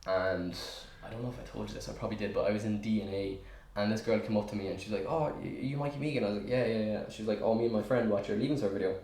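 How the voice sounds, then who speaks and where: Fast-talking young Irish man. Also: on the low side, fairly even intonation, a little mellow, reverberant. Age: young adult. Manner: rambling, self-deprecating. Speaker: podcast guest. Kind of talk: casual chat.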